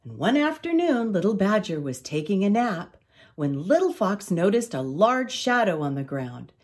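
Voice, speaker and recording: An older woman reading a children's storybook aloud in an expressive, unhurried way. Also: medium pitch. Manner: expressive, slow read-aloud.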